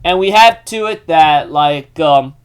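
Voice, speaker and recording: A young man with a slightly high, clear, resonant voice recaps a manga chapter slowly and casually. He's excitable and rambling, using lots of fillers and laughing frequently.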